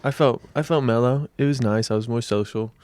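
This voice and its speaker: A man's voice: mid-range voice, a little fast, a little mellow, no echo. A man from Dallas, Texas, a musician guesting on a podcast, telling stories in a laid-back, wry, rambling way. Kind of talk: casual chat.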